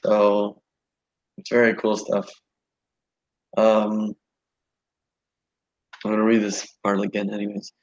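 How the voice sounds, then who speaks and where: A man's voice: on the low side, completely flat delivery, slow, long pauses, highs cut off. A man hosting an online study group from home over a video call, talking eagerly and rambling, with lots of ums. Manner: enthusiastic, rambling with many fillers. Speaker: host of an online learning session. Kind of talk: casual group study chat. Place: at home in California.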